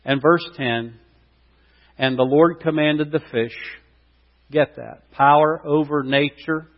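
A man preaches a sermon in a slightly higher voice, building to impassioned, loud peaks on his key points. His voice rings with a long hall reverb. The recording sounds dull and lo-fi. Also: takes it slowly. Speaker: pastor.

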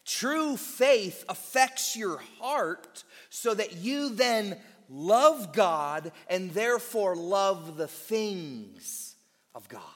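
Guy preaching a sermon, high voice that swings all over, long church echo. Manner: emphatic preaching, slows on key words, quick asides. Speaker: pastor.

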